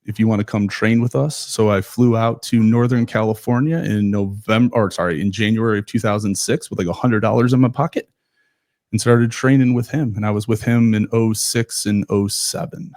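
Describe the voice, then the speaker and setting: A man in his forties with a fairly low voice tells his story in a relaxed, conversational way, now and then slipping into the voices of people he quotes. The sound is dry and close, with almost no room. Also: normal speed, dry recording. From Ohio. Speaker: podcast guest, former runner. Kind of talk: casual storytelling interview.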